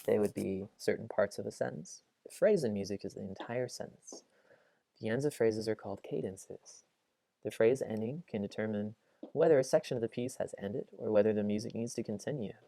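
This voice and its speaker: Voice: mid-range voice, a little fast, vocal fry, dark tone, no room sound. A music teacher explaining melodies and cadences, breaking into sung solfege syllables to demonstrate. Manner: explains patiently, then sings solfege syllables aloud. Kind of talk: classroom lesson with sung solfege.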